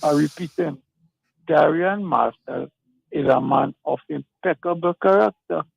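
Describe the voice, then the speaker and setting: A man's voice: on the high side, a little slow, vocal fry, slightly rough, no echo. A man calling in to a talk show, speaking emphatically and repeating himself, over a muffled phone line. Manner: emphatic, repetitive, insistent. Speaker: caller. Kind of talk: phone-in endorsement.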